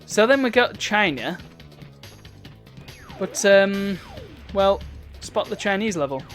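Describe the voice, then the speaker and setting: A man's voice: high-pitched, lively intonation, slow, fairly bright tone, soft background music. A man giving chatty, wry commentary while streaming a video game. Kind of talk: casual gameplay commentary.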